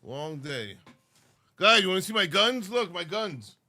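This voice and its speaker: A man's voice: high-pitched, normal speed, bright, forceful tone, dry recording. A sleepy man hosting a livestream, chatting loosely with viewers and teasing them. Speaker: livestream host. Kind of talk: casual livestream chat.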